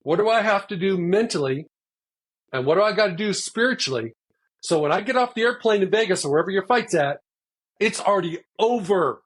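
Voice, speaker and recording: A man's voice: high-pitched, lively intonation, fairly quick, a bit bright, slightly rough. A man hosting an interview, giving earnest mindset coaching built on sports analogies. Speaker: podcast host, mindset coach.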